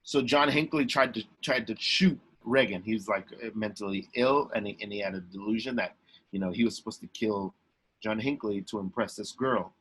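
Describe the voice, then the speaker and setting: A young man telling a story as a podcast guest, emphatic and lively, with many restarts. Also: on the low side, brisk, slightly rough, rough recording. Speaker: guest, actor and comedian. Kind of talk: animated storytelling in a podcast interview.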